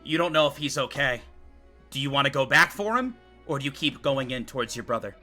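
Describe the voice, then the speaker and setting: A man's voice: mid-range voice, animated, fairly quick, bright, forceful tone, faint music behind. A man narrating a tabletop game as game master, in a vivid, casual way and swearing freely.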